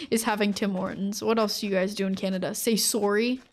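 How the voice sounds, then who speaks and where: A woman's voice: medium pitch, fairly even intonation, fast talker, darkish tone. A woman streaming a game live, chatting casually and rambling, with lots of fillers and frequent laughter. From United States.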